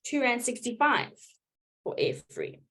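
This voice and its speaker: A woman's voice: a little high, wildly swooping pitch, unhurried, a bit bright, breathy edge. A woman teaching a live online maths class, explaining patiently step by step and checking in with her students. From South Africa.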